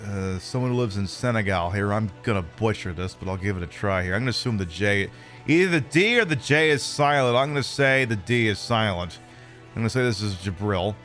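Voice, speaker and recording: A man streaming a video game, reading from it and making wry, deadpan asides. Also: fairly low pitch. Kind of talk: playing and commenting on a video game.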